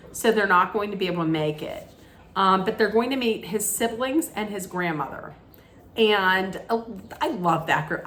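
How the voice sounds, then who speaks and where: A woman's voice: mid-range voice, fairly bright tone. A woman chats her way through a TV recap, gushing and full of ums and restarts. Her voice sits in a middle range and rings off the walls of a roomy space. A faint hum of ambient noise stays under her. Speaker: TV recap vlogger. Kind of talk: casual chatty recap.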